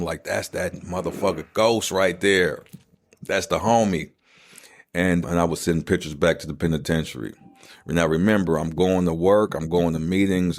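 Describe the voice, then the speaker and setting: Deep-voiced streetwise man telling his story. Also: no room sound, studio quality. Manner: animated storyteller, acts out quoted voices, streetwise slang. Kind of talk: casual storytelling.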